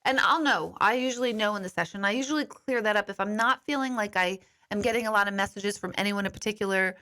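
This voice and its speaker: A woman's voice: mid-range voice, quick pace, sharp tone. A woman working as an intuitive medium, answering viewer comments in a candid, chatty live stream from a studio, swearing now and then and apologizing. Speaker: intuitive medium and life coach.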